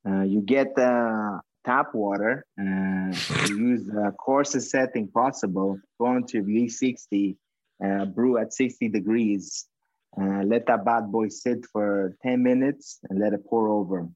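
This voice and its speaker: A man's voice: on the low side, fairly even intonation, measured pace, darkish tone, no echo, muffled recording. A man who owns a coffee shop, talking casually in a podcast interview, full of slang and swearing as he tells stories. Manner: slangy, profane, laughing storyteller.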